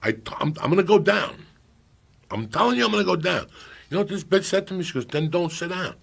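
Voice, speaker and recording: A middle-aged man with a gravelly, husky voice telling a profane comic story on a podcast, animated and loud at times, hushed at others. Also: high voice, fast talker.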